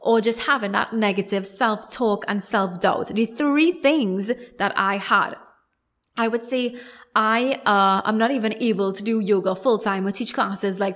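A woman's voice: medium pitch, fairly bright tone. A young adult woman, a yoga teacher, telling a personal story on her podcast in a chatty, rambling way full of "like". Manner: chatty, rambling, heavy on 'like'. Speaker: podcast host.

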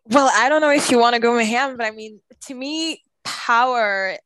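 A woman from Cameroon, a podcast guest, speaking thoughtfully and pausing to search for words. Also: a little high, fairly bright tone, dry recording. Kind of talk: casual podcast interview.

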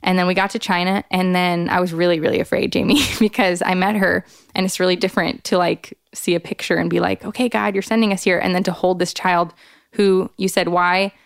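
A woman in her thirties tells a personal story, smooth and clear in tone, in a dry close-miked sound. She talks earnestly and animatedly, filling her sentences with "like" and jumping in pitch when she acts out what others said. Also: fairly quick, dry recording. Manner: animated, acts out quoted voices with big jumps in pitch; frequent "like" fillers, earnest and expressive. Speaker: podcast guest, author. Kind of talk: candid storytelling in a conversation.

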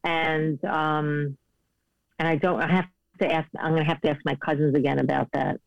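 A woman's voice: low-pitched, little pitch movement, moderate pace, vocal fry, dry recording, dull audio. A woman in her sixties, a guest speaking candidly in casual conversation over a video call. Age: 60s. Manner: candid, chatty, self-deprecating.

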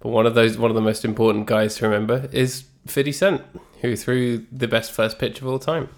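A man hosting and editing a podcast, chatting casually with dry, deadpan jokes. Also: medium pitch, brisk. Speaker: podcast host and editor. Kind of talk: casual chat.

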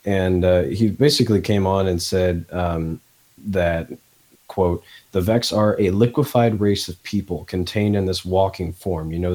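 A man with a Midwestern accent hosting a casual podcast chat, talking with many fillers and pauses. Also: low-pitched, darkish tone. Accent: Midwestern American. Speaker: podcast host.

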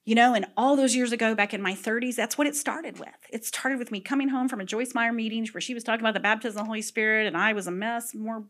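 A middle-aged woman preaching a sermon, telling stories with animated energy, dropping to whispers and breaking into shouts. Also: on the high side, fast, hardly any pauses. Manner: animated storytelling, drops to whispers and bursts into shouts.

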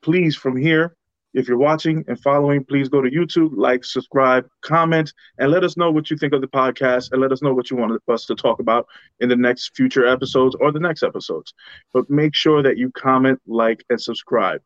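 A man's voice: medium pitch, steady tone, moderate pace, no echo, muffled recording. Laid-back man hosting a podcast. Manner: laid-back, stumbles over names, chuckles. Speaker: podcast co-host presenting comics. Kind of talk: casual podcast chat.

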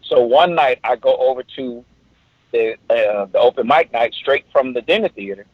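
A man's voice: medium pitch, normal speed, no room sound, highs cut off. A middle-aged man, a comedian guest on a podcast, telling a story with energy and acting out other people's voices.

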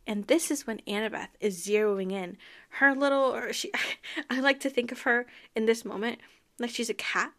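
This podcast host has a slightly high, somewhat bright voice and talks at a normal speed. She recaps a book and its TV show in a relaxed, conversational style, often bursting into laughter.

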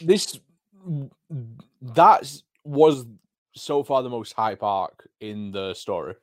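A man co-hosting a relaxed conversation, speaking eagerly and firing off questions as he thinks aloud. His voice sits at an ordinary middle pitch. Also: takes it slowly. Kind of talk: casual fan chat.

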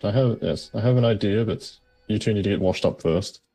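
A man's voice: on the low side, brisk, gravelly, warm tone, faint music behind. A man playing his character at a tabletop game, speaking hesitantly with frequent uhs. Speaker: player. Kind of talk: in-character role-play.

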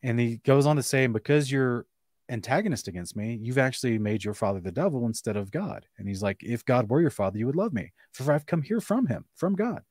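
A man hosting a casual live-streamed discussion, reading scripture aloud in between quick restarts and short chuckles. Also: mid-range voice, lively intonation, darkish tone, no echo, clean studio sound. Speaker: host.

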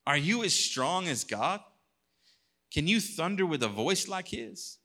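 On the high side and very animated, yet keeping a measured pace, a male pastor preaches. He reads from scripture and acts out God's words, moving between hushed stretches and loud bursts.

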